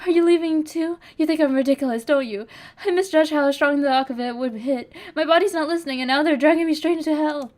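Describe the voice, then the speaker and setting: Drunk young woman, played by a woman: whiny, pleading, tearful, high voice. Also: steady tone, rapid-fire, hardly any pauses, natural voice.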